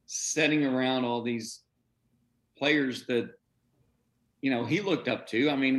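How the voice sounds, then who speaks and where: A middle-aged man in an interview, a former baseball pitcher, tells his story with lively energy. He acts out the voices of the people in it and his pitch sits in an ordinary middle range. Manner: animated, acts out quoted voices, breaks into laughs.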